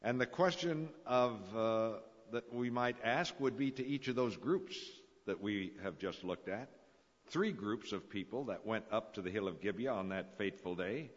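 A man's voice: on the low side, moderate pace. A man preaching a sermon, telling stories with dramatic, swelling emphasis. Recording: dull lo-fi recording in a reverberant hall.

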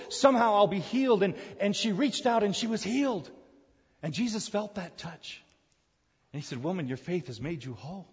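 Male preacher, fairly high, husky voice; animated storyteller; dull recording with long hall reverb. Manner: animated storytelling, acts out the crowd's voices, laughs often. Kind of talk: sermon.

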